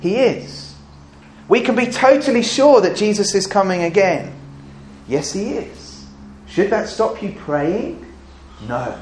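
A man's voice: sits high, expressive, takes it slowly, a little mellow, a little hiss or hum. A man preaching a sermon in church, conversational and earnest, often putting questions to the congregation.

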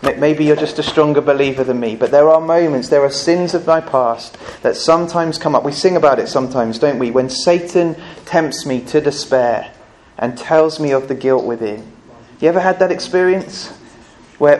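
A man with a notably high voice delivers a Sunday sermon. He speaks earnestly and conversationally, often stopping to ask his listeners questions. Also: normal speed, a little mellow. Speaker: pastor.

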